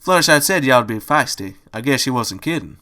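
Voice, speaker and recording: A man's voice: mid-range voice, lively intonation, brisk, pushed and bright. A man voicing a cheerful farm mare with a Southern accent and a folksy, hearty drawl.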